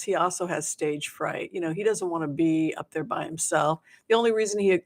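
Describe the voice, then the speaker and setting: A woman giving live tarot readings to her viewers, chatty and bubbly, with playful asides. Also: fairly low pitch. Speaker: tarot reader.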